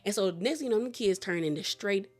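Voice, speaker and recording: A woman giving a casual, animated movie recap, talking colloquially and laughing at the plot. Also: mid-range voice, quick pace. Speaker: movie reviewer.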